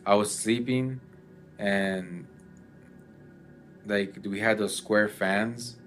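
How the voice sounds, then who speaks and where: A man's voice: fairly low pitch, fairly even intonation, extremely slow, faint music behind. A man in casual chat, telling a story with lots of fillers and restarts. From Mexican family background. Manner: rambling, many fillers.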